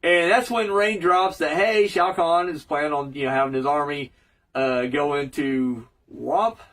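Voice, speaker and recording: A man's voice: fairly high pitch, fairly even intonation, unhurried, fairly bright tone, rough recording. A man giving a rambling, profane, joking casual recap of a cartoon episode as a reviewer.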